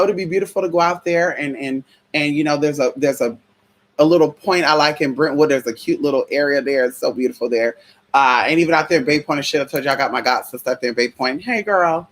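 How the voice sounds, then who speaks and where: A vlogger telling a story in a casual, profane, chatty way, calling viewers y'all, girl and honey. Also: medium pitch.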